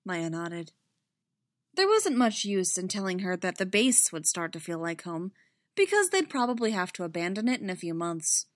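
A woman reading a story aloud in a quiet, measured way. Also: on the low side, sing-song, dry recording, studio quality. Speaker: narrator. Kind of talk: audiobook reading.

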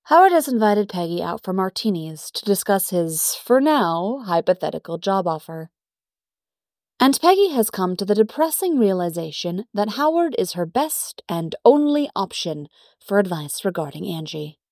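A woman reading a story aloud in measured, even narration. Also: mid-range voice, dry recording, clean studio sound. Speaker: story reader. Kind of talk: scripted narration.

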